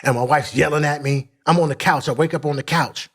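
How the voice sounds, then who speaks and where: A middle-aged man from Philadelphia tells his story as a podcast guest, his voice sitting a bit high for a man. He talks bluntly and candidly, swears freely, and acts out the people he quotes. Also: fairly even intonation, fairly quick, fairly bright tone, breathy edge. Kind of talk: casual storytelling.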